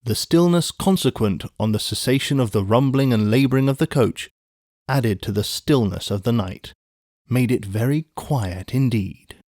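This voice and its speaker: A man's voice: mid-range voice, darkish tone, no echo, studio quality. Man narrating a classic audiobook. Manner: measured storytelling. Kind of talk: scripted narration.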